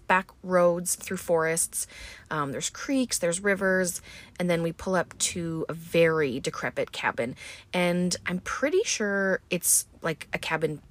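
A woman hosting a podcast who recaps a film in a chatty, casual way, recording on a boat and filling her talk with um and like. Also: fairly low pitch. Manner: chatty, many fillers like um and like. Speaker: podcast host.

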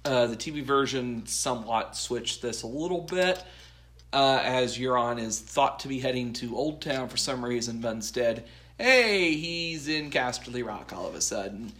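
A man co-hosting a podcast, recapping an episode from his notes in a halting way with many fillers. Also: medium pitch, lively intonation, fairly bright tone. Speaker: podcast co-host.

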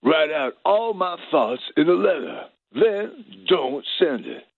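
A man's voice: a little high, big pitch swings, slow pace, creaky, no echo, exaggerated voice. A man voicing a comedy impression of a smug male celebrity suspect, calling in with sly, joking, drawling delivery over a tinny phone line. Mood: sly mockery. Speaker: comedy caller.

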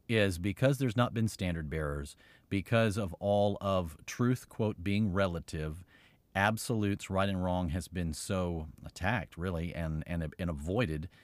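Casting: low-pitched male podcast host, earnest and rambling, dry close-mic sound. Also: dry recording. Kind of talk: motivational podcast monologue.

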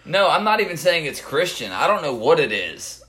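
A man's voice: fairly high pitch, very animated, moderate pace, bright, forceful tone. A man co-hosting a podcast, laid-back in casual chat, swearing and laughing easily. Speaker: podcast co-host.

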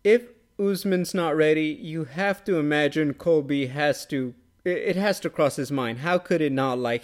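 A man hosting a casual MMA podcast, talking quickly and upbeat, tossing questions to his co-host. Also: fairly high pitch. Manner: quick, upbeat, conversational with quoted asides. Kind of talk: casual sports chat.

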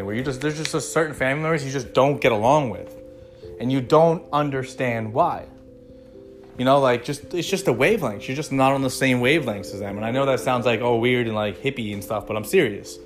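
Twenty-something guy rambling to the camera, mid pitch, lots of likes and you knows, faint guitar behind. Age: 20s. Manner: rambling, conversational, many fillers and restarts. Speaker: vlogger. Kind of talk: casual talking-to-camera monologue.

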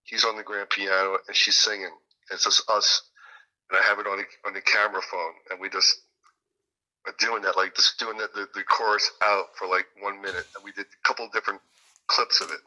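A man's voice: lowish voice, little pitch movement, brisk, pushed and bright, rough recording. A man being interviewed as a music producer and guitarist, telling stories in a rambling way with many fillers and restarts. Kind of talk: casual interview chat.

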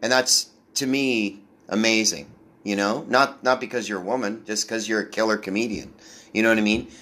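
A man with a fairly low voice hosts a casual interview from a hotel room. He talks earnestly and rambles, leaning on "you know" and half-started phrases. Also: fairly even intonation, normal speed, pushed and bright. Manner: rambling, earnest, many fillers. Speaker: podcast host.

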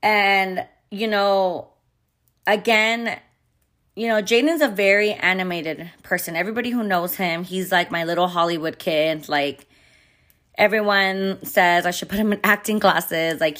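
Heated, profane mom venting. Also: female voice, medium pitch, normal speed, a bit bright. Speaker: mother. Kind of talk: candid storytime vlog.

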